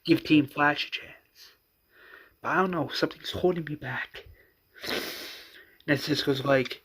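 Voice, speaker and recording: A man's voice: on the high side, unhurried, pauses often, a bit bright, slightly rough. A man casually retelling a fan-written episode, rambling with frequent fillers and restarts. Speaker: channel host.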